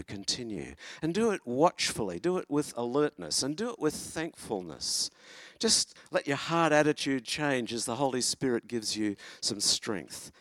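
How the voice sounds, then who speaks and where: A man, preaching a sermon from a church lectern in an earnest, encouraging way, pausing and restarting as he goes. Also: mid-range voice, dry recording, studio quality. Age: 70s.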